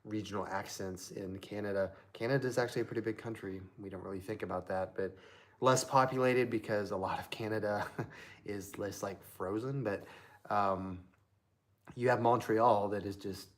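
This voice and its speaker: A man's voice: lowish voice, steady tone, normal speed. A man from Southern Indiana hosting a live stream, chatting casually in a rambling way with lots of fillers.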